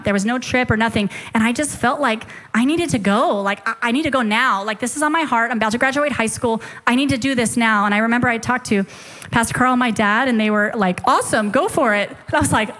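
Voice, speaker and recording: A young woman stands before a church congregation and tells her testimony, her voice sitting a little high. She tells it as an animated story, full of quick asides where she quotes her own thoughts. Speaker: speaker sharing a testimony. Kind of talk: sermon testimony.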